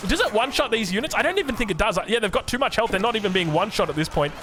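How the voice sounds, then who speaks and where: High-voiced excitable Australian game caster. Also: male voice, rapid-fire, slight background noise. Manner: excitable, jokey, rambling asides. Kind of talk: live strategy game commentary.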